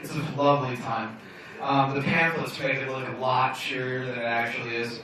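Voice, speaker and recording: A man's voice: medium pitch, steady tone, normal speed, bright, forceful tone. A young man doing a stand-up comedy set in a bar lounge, telling stories in a brash, profane, self-mocking way. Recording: echoey bar room from far off.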